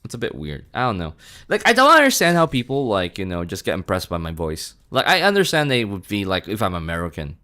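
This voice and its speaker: A man from the Philippines, chatting casually on a live stream, animated and laughing often, swearing and saying bro a lot. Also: fairly low pitch, quick pace.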